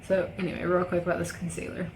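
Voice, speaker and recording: A woman's voice: fairly low pitch, monotone, quick pace, slight background noise. A young woman beauty vlogger chatting casually through a makeup tutorial, rambling and swearing as she rants. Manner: profane, ranting, rambling.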